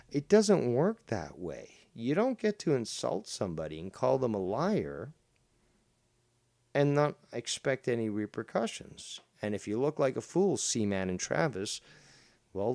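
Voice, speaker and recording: Combative man with a lively swinging voice. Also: mid-range voice, vocal fry, no room sound. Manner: combative, reading chat aloud, swearing. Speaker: streamer host. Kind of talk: casual livestream chat.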